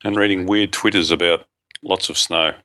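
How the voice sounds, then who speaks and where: Australian man, deep voice, bright tone, easygoing, teasing, dry sound. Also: steady tone, normal speed, no echo. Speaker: podcast co-host. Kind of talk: casual chat.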